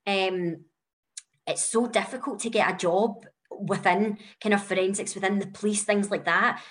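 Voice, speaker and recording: A young woman with a Glasgow accent, chatting as a podcast guest and telling stories with plenty of fillers. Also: mid-range voice. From Scotland. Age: young adult. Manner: chatty storyteller, lots of fillers. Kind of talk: conversational podcast interview.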